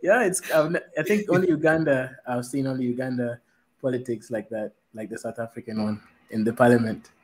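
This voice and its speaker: A man's voice: mid-range voice, a little fast, a little hiss or hum. A man joining a podcast panel as a guest, asking curious questions and laughing easily. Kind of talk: casual panel chat.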